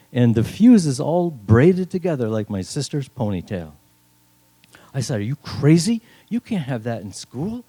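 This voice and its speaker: Older man telling wry stories, mellow voice. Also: medium pitch. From northern New York. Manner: wry, dry humor. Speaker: storyteller. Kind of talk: live story slam telling. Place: stage at a live event.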